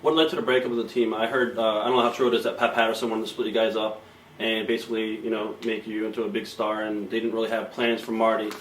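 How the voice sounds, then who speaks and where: Flat, distant-sounding male interviewer. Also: lowish voice, quick pace, a little hiss or hum. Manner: hesitant, hedging questions. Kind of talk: interview questions. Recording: roomy, distant off-mic sound.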